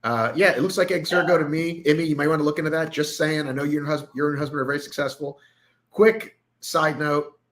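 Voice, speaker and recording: A man's voice: a little high, steady tone, fairly quick, fairly bright tone, poor audio. A man hosting a live online show, joking around and swearing freely in casual chat.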